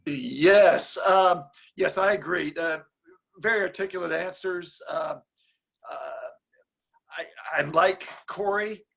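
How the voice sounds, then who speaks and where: High, gravelly man, halting speech. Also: a bit bright. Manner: halting, hesitant. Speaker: school board candidate. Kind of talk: candidate forum answer.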